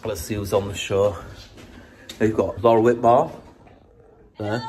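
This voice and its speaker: A man's voice: fairly low pitch, fairly even intonation, unhurried, pauses often, darkish tone. A middle-aged man hosting a TV show, rambling and joking through a casual video diary backstage in a studio dressing room, filmed on a handheld phone. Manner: rambling, jokey, self-mocking. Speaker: TV show host.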